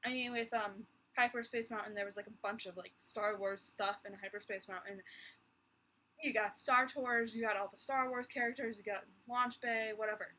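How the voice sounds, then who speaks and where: A woman's voice: a little high, steady tone, normal speed, sharp tone, poor audio. A young woman vlogging from her bedroom in a rambling, exasperated chat full of sighs and little laughs. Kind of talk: casual chat.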